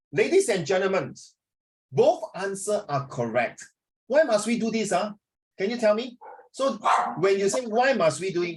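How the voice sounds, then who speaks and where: A middle-aged man teaches over a video call, chatty and teasing with his students. His voice sits on the higher side and swings widely in pitch. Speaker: English tutor. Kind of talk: online class teaching.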